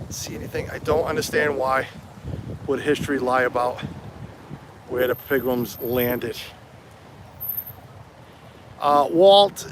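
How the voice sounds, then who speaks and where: A man's voice: mid-range voice, background noise. A man, fighting a cold, chatting casually on a live stream outdoors and answering viewers' comments. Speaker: vlogger livestreaming. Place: outdoors on a hot town street.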